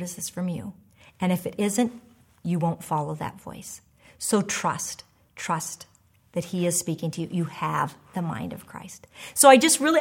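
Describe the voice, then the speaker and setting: A woman in her fifties giving a devotional teaching talk, animated and emphatic, sometimes dropping to a soft hush. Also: medium pitch. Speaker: devotional speaker and author.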